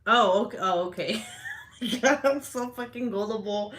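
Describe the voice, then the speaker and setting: A woman with a slightly high voice hosts a casual livestream chat at a slow pace. She reacts to comments while laughing often and swearing freely.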